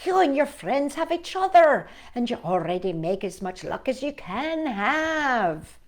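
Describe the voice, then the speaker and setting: A cheeky little male leprechaun from a picture book, rattling off rhymes in a sing-song lilt, as a woman reading aloud puts him on. The voice sits high and swoops around with a lot of movement. The pace stays slow and unhurried. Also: big pitch swings.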